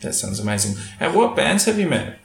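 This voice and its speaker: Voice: mid-range voice, big pitch swings, brisk, vocal fry. An Australian podcast host interviewing a guest in a casual, teasing and crude joking manner. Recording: echoey room, faint noise.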